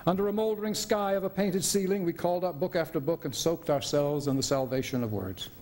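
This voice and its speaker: A man's voice: a little high, fairly quick, darkish tone, natural voice. An older man giving a dramatic reading of a play, voicing a blunt, worried male writer friend who narrates his memories. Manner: blunt, reflective.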